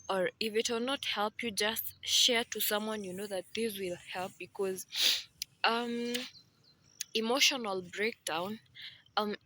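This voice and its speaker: Bright, chatty woman vlogging. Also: mid-range voice. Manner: chatty and animated, with playful asides and laughs. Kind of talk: casual vlog talk to camera.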